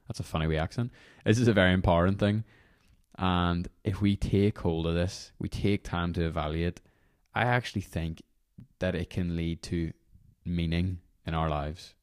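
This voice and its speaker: Very deep-voiced podcast host, rambling. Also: male voice, fairly even intonation, moderate pace, darkish tone, no room sound, clean studio sound. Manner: casual, rambling, apologetic asides. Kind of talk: reflective podcast talk leading guided prayer.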